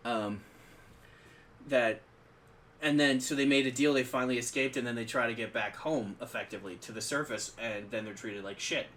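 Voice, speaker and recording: A man's voice: mid-range voice, normal speed, fairly bright tone. A man co-hosting a podcast, talking about tabletop games in a rambling, conversational way with frequent restarts. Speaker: podcast co-host.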